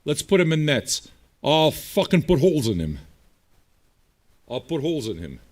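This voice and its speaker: A man's voice: a little high, very animated, normal speed. A man hosting a livestreamed music show, answering viewer chat in a blunt, profane, combative way. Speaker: streaming radio DJ host.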